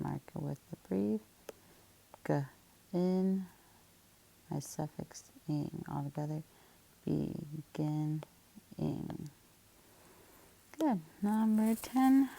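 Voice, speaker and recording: A middle-aged woman teacher leads a spelling lesson in a patient, methodical way, sounding out each step. Her voice sits low and is heavily gravelly, with a mellow, dark tone. She speaks at an unhurried pace. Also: rough recording.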